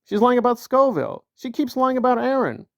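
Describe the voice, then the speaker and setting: A man's voice: very high voice, big pitch swings, a little fast, creaky, no room sound, studio quality. A man hosting a solo commentary channel, talking in a heated, emphatic way with lots of repetition and mocking quotes in a raised voice.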